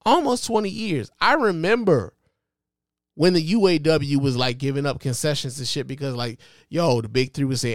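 Man, podcast host, heated profane rant, slightly high voice, dry close sound. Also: normal speed, dry recording. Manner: impassioned, profane, ranting with repeated emphasis. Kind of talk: opinionated solo podcast commentary.

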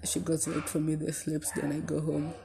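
A young Kenyan woman in her twenties with a deep voice, hosting a podcast and chatting casually about her life, switching between English and Swahili slang. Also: completely flat delivery, moderate pace, vocal fry, background noise. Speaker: podcast host. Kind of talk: casual personal storytelling.

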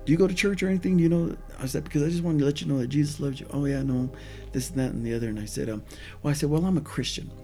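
A man's voice: a little high, racing, creaky, hardly any pauses, soft background music. A man in casual conversation, telling a personal faith story and acting out the dialogue, sometimes dropping to a near whisper. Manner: animated retelling, quoting dialogue, drops to near-whisper at times. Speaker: guest telling a testimony.

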